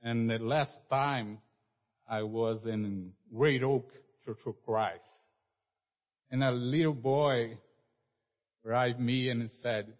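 A man from Brazil whose first language is Portuguese, speaking at church in halting, simple English with a Brazilian accent. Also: mid-range voice, steady tone. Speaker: preaching school president, guest speaker. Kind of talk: church talk. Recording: echoey church hall, dull lo-fi sound.

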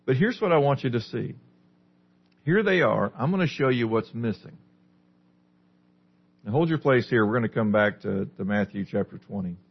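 A man's voice: mid-range voice, lively intonation, moderate pace, creaky, pauses often, husky, highs cut off. A man preaching a sermon as a pastor, teaching a small group with questions in a conversational way. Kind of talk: sermon, Bible study.

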